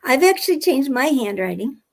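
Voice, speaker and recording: A woman's voice: sits high, very animated, fairly quick, vocal fry. A woman handwriting expert chatting as an interview guest, telling stories animatedly with frequent restarts. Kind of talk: casual interview chat.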